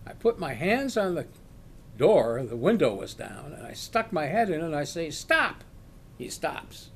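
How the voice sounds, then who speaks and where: An older man, a retired law professor, slowly telling a personal story and acting out the shouts in it. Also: fairly high pitch, a little hiss or hum. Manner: slow, animated storyteller acting out quoted shouts. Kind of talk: oral history storytelling.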